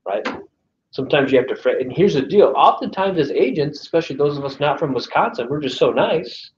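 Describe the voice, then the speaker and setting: A brisk, animated man with a fairly high voice trains salespeople in a meeting room with a live audience, chatting informally, frequently saying "right?", and acting out client calls. A little hiss or hum accompanies the echoey, distant, dull room sound.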